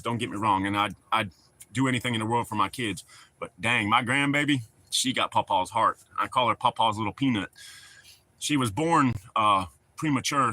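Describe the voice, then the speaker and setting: A man's voice: medium pitch, sharp tone. A middle-aged man, chatting casually and rambling to his livestream viewers. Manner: rambling, folksy, talks to the chat. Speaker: livestream host.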